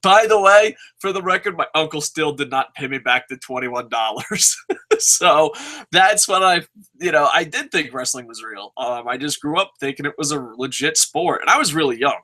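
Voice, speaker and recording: Podcast host, male, 30s, from New Jersey: fairly high, bright voice, profane and laughing through casual stories. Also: animated, moderate pace. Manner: profane, laughs often while talking. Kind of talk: casual storytelling.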